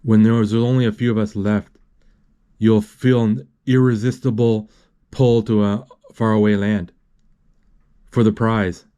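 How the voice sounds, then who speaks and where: An old Spanish sword master, calm and wise, who lays out his teachings in slow, lofty sayings, as a man recounting a movie reads his lines. The voice stays close to an ordinary speaking voice. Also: lowish voice, clear, resonant tone, close to an everyday voice. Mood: solemn.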